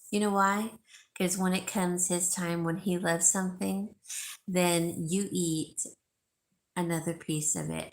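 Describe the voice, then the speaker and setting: A woman hosting a live sale stream, chatting casually and reading viewer comments, rambling with fillers and restarts. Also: on the low side. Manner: gushing, repeats herself for emphasis.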